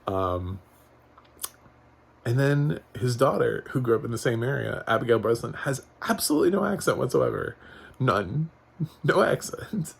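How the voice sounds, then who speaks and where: A man's voice: medium pitch, lively intonation, moderate pace, gravelly, slightly rough. A man giving a casual spoken movie review, rambling with frequent chuckles, fillers and restarts. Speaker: film reviewer.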